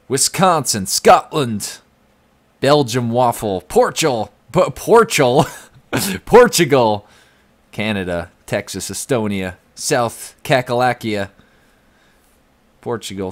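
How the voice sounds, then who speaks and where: Young man, low voice, casual live-stream chat, reads chat aloud, desk mic. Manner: rambling, reading out the chat.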